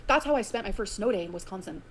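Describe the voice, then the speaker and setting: A woman's voice: mid-range voice, lively intonation, quick pace, a little hiss or hum. A woman ranting to her viewers, profane and emotional, swinging between grievance and sarcasm. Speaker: streamer ranting on her own stream. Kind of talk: rapid unfiltered rant.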